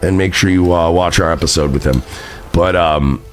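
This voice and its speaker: A man's voice: deep voice, normal speed. A man from New York hosting a podcast, telling a story in a rambling, profane, self-mocking way while intoxicated. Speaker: podcast host. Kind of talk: casual storytelling chat.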